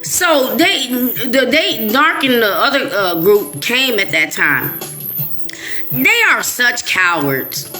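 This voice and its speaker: A middle-aged host from Chicago's West Side tells a live audience a casual story, animated and laughing, mimicking the voices of people she quotes. She speaks slowly in a slightly high voice over soft background music.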